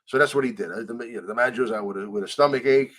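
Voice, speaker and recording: Man telling a story with animated dialogue. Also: mid-range voice, racing. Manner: animated, acts out quoted dialogue, swears freely. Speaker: guest. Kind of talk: storytelling in a conversational interview.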